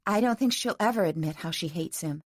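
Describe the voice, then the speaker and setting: A woman's voice: fairly low pitch, lively intonation, fairly quick, no echo. A woman voicing an emotional young bride-to-be who sounds pleading and close to tears. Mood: weary. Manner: pleading, tearful.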